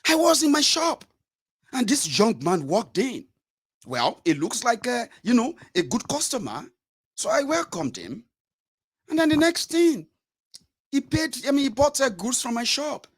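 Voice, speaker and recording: A man voicing an angry middle-aged male shopkeeper with a Nigerian accent, ranting in shrill, exasperated outbursts. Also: very animated, measured pace, slightly rough, heavily acted.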